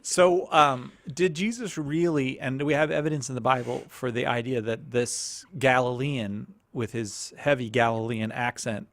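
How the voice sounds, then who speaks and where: A man's voice: mid-range voice, normal speed, few pauses, no echo. A man hosting a radio show, chatting playfully and teasing his guest. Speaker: radio host. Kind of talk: casual radio chat.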